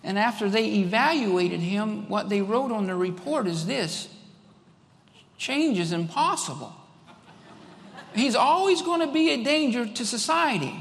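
A man delivers a fervent sermon in a high voice, repeating key lines and pushing up to shouts. His voice rings with the long reverb of a large hall. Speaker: preacher.

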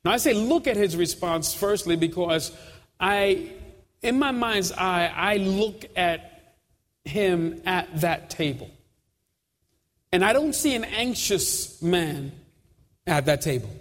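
A man preaching a sermon, his fairly high voice building through repeated phrases. He speaks steadily and emphatically. The sound rings with a long reverb, as if heard in a church sanctuary.

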